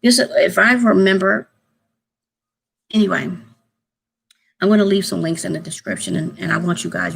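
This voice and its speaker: Rambling gravelly-voiced woman vlogger. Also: mid-range voice, normal speed, pauses often, rough recording. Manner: rambling, hesitant, repeats herself. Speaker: YouTube vlogger. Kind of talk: casual rambling chat to subscribers.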